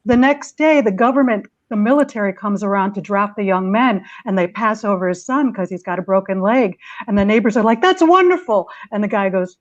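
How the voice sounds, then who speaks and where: Woman telling a story on a video call, lively storyteller, muffled lo-fi sound. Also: medium pitch, a little fast, few pauses. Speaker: panelist. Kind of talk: telling a story in a panel discussion.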